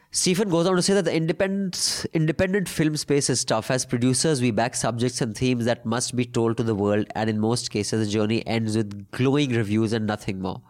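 A man's voice: on the low side, a little mellow. A man with an Indian English accent hosting a podcast, casually bantering and reading out listener mail, irreverent and slipping into Hindi phrases. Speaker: podcast host.

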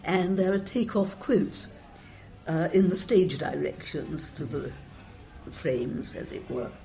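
A woman's voice: low-pitched, lively intonation, slow, gravelly, mellow. An older woman, a translator, giving wry, discursive interview answers and quoting verse with relish.

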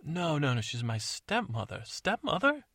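A naive young princess asks wide-eyed questions in a high voice, as a man plays her in a bedtime story. The tone is raised well above a man's usual register, with some gravel, and the sound is dry and close. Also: wildly swooping pitch, moderate pace, fairly bright tone, no room sound, exaggerated voice. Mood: puzzled.

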